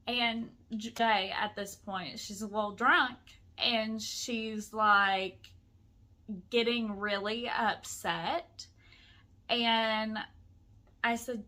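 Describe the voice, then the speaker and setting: A woman's voice: on the high side, slow, bright, forceful tone. A woman in her twenties, a vlogger, telling a story in a chatty way with many "like" fillers. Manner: chatty, full of "like" fillers, acts out quotes. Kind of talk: casual storytelling.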